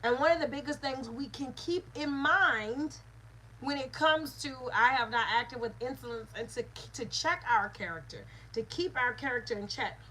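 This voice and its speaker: A woman's voice: sits high, animated, moderate pace, pushed and bright, a little hiss or hum, rough recording. A woman, a mother and spiritual teacher, giving an earnest lesson with repeated phrases and call-and-response. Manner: earnest, repetitive teaching cadence.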